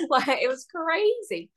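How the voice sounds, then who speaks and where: A young woman wrestler chatting as a podcast guest, bubbly and quick to laugh, full of exclamations. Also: extremely high pitch, fairly bright tone. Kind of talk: casual podcast chat.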